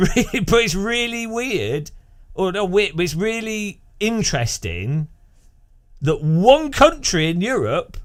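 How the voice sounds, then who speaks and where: A man's voice: sits high, fairly bright tone. A man streaming live, chatting casually with viewers and laughing often. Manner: chatty, laughs often, imitates language rhythms with syllables.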